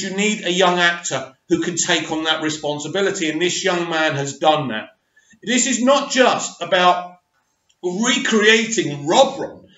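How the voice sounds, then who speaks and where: A man giving his animated, emphatic opinions on a soap opera in a casual monologue. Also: sits high. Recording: echoey room, dull lo-fi sound.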